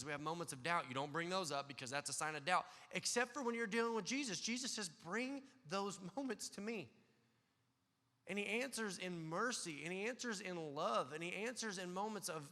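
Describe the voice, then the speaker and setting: A male pastor delivers a sermon in a bright, forceful voice. He is earnest, drops to near-hushed tones, then climbs to loud excitement. His words ring through a church hall with a long reverb. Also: high-pitched. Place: church sanctuary.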